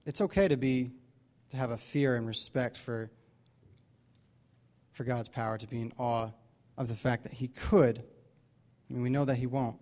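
A man's voice: mid-range voice, fairly even intonation, moderate pace, darkish tone. A man leading a Bible study, preaching casually with many fillers and restarts. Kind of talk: casual sermon.

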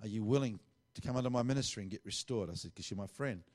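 Preacher telling a story. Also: male voice, lowish voice, quick pace. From Australia. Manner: conversational, animated storytelling with quoted dialogue. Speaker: pastor. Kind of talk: sermon storytelling.

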